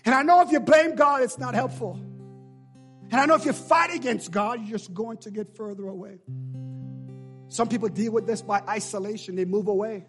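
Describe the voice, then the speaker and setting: A man preaching a sermon as pastor, swinging between shouted pleas and hushed, drawn-out lines with a call-and-response cadence. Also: high voice, soft background music. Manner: shifts between shouting and hushed near-whispers.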